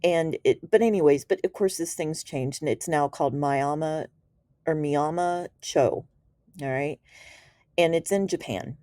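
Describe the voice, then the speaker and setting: A woman with a low, mellow voice tells a story in a relaxed, chatty way. Her talk is slangy and enthusiastic, with easy laughs in between. The sound is dry and close, with no room around it. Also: a little slow, no echo. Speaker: Reiki teacher. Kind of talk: casual storytelling explanation.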